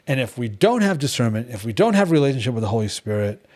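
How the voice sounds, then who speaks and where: Animated, blunt storytelling man. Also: mid-range voice, fast. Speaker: devotional group leader. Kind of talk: casual teaching talk.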